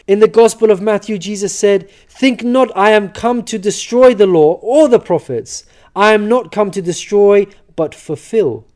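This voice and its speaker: A man narrating a prepared script with a higher-than-usual pitch. His tone is soft and mellow, with no edge to it. He reads at a measured, earnest pace, explaining each point in turn. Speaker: religious narrator.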